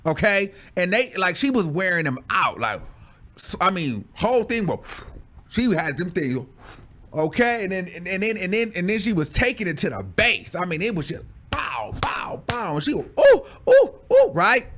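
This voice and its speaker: A man recounts a personal story in a casual story-time vlog. His voice sits high and swings widely as he tells it. His delivery is dramatic and exclamatory. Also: big pitch swings, normal speed, pushed and bright. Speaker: vlogger telling a personal story.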